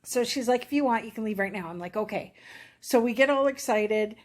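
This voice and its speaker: A woman's voice: fairly high pitch, brisk. A middle-aged woman chatting to her viewers, telling a personal story in a rambling, emotional way and acting out what people said. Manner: chatty, rambling, emotional, acts out quoted dialogue. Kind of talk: casual storytelling to camera.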